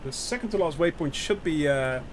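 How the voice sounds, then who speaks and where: A man with a notably high voice commentates his flight-simulator stream, talking to viewers in loose, filler-heavy sentences. He often restarts his phrases. Faint noise sits under the recording. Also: expressive, brisk. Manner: chatty, lots of fillers, reads chat aloud; nervous about landing. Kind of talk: live gameplay commentary.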